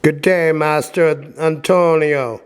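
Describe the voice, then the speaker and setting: Man putting on an old Italian puppet-maker, hot-tempered and poor, loud exclaiming storybook voice, exaggerated Italian accent, pitched up. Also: steady tone, slow, clear, resonant tone. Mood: pleading, eager. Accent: put-on cartoonish Italian.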